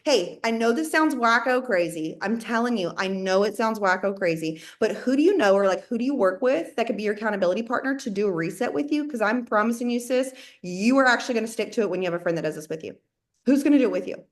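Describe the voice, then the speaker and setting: A woman giving a lively motivational talk to her sales team, folksy and high-energy, often acting out what people say. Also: quick pace. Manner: high-energy, folksy, acts out quoted voices. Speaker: network marketing team leader.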